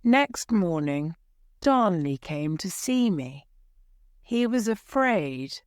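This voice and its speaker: A woman slowly reading a dramatic story aloud, clear and deliberate, for English learners. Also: fairly low pitch, big pitch swings, no room sound, clean studio sound. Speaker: story reader.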